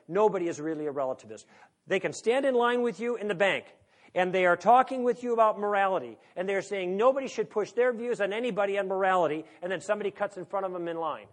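Man, high voice, lecture to an audience, wry, conversational, rhetorical questions. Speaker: speaker.

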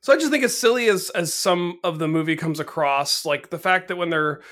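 A man's voice: sits high, fairly quick, a bit bright. An American man hosting a podcast, chatting casually with lots of fillers and frequent laughs. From United States. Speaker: podcast host. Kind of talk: casual chat.

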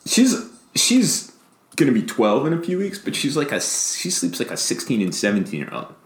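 A middle-aged man co-hosting a podcast, chatting casually, laughing often and getting animated when he quotes people. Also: medium pitch, moderate pace. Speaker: podcast co-host. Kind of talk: casual chat. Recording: roomy echo.

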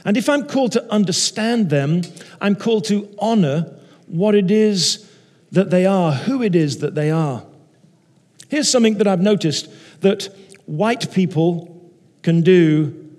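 A man preaching a sermon in a measured way, repeating key phrases for emphasis. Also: high-pitched, a little mellow, long reverb tail.

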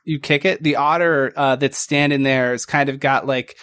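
A man narrating a tabletop game as game master, rambling and halting with many fillers. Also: mid-range voice, steady tone, fairly bright tone, clean tone, no room sound.

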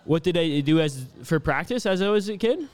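A man in his twenties from Canada, answering interview questions in a relaxed, easygoing way with lots of fillers. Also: on the high side, brisk. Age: 20s. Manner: easygoing, laughs often, many fillers. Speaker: hockey player being interviewed.

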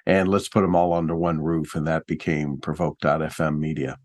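Really deep-voiced guy, co-hosting a podcast, laid back storytelling. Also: flat delivery, fairly quick, darkish tone. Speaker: podcast co-host. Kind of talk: casual conversation on a podcast.

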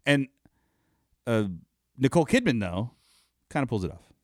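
Casual co-host, man, thirties, playful and profane, very animated intonation, dry sound. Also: medium pitch, normal speed, dry recording. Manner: joking, laughs often, swears. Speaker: podcast co-host. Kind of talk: casual chat.

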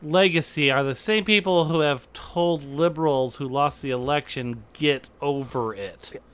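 A man trading wry, sarcastic remarks as a podcast co-host in an easy comedic chat. His voice has a crisp, bright edge. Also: on the high side, normal speed.

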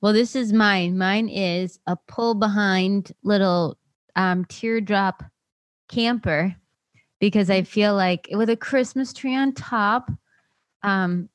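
A woman's voice: medium pitch, dry recording. A woman co-hosting a podcast, chatting in a rambling, enthusiastic way with laughs. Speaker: podcast co-host. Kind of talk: casual chat.

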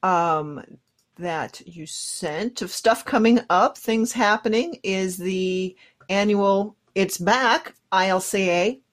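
A woman co-hosting a radio talk show in casual chat, brisk with quick interjections. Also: medium pitch. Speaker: radio co-host.

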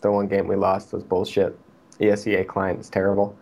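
A man's voice: sits low, monotone, brisk, a little mellow. A man on a casual gaming podcast, talking matter-of-factly with dry humor. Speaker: podcast co-host. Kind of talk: casual chat.

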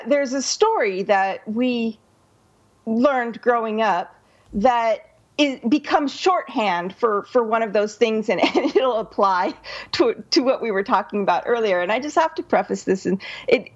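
A woman's voice: medium pitch, dull audio. A woman co-hosting a casual talk show, telling a story in a chatty way. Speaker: podcast co-host. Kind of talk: casual chat.

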